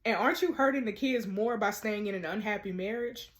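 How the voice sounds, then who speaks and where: A woman voicing a reassuring, caring woman friend, reading game dialogue aloud in a soft, low, subdued way. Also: a little fast, close to an everyday voice.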